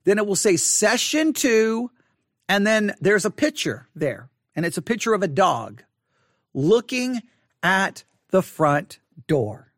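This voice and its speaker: Male Bible teacher, high voice, dry close sound, earnest and repetitive, online lesson. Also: sing-song, a bit bright, dry recording. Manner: repetitive, earnest, restarts and emphatic slow repeats.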